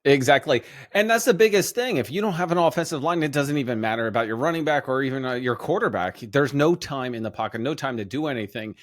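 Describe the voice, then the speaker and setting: A man co-hosting a casual sports podcast, chatting loosely and laughing often as he talks. His voice sits at a middle pitch, and the recording is close and dry. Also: quick pace, hardly any pauses, no room sound. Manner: laughing often, lively, rambling with restarts. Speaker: podcast co-host.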